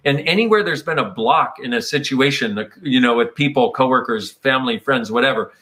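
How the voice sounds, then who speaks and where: A man with a bright, forceful tone talks in a loose, conversational way. He meanders and reflects as he goes, at a middling pitch. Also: brisk. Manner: meandering, reflective, slips into playful quoted voices. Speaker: speaker on personal growth. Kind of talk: casual conversational talk.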